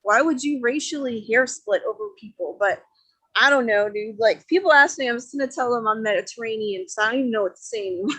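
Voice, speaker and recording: A chatty woman from Miami in a casual podcast chat. She sounds animated and leans on lots of fillers. Her voice sits a little high. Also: quick pace, husky. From Miami, Florida.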